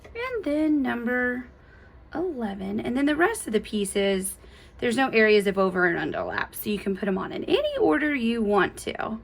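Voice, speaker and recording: A woman's voice: on the high side, huge pitch swings, moderate pace, gravelly, a little hiss or hum. A woman giving a chatty, enthusiastic step-by-step embroidery tutorial, gushing over cute details. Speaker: embroidery instructor.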